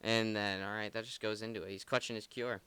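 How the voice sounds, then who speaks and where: A male podcast host talks through song lyrics in a loose, earnest ramble packed with filler words. His voice sits a little low but comes across bright and forceful, with a smooth, clear tone. The sound is dry and close. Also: steady tone, brisk, no echo. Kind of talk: casual song analysis chat.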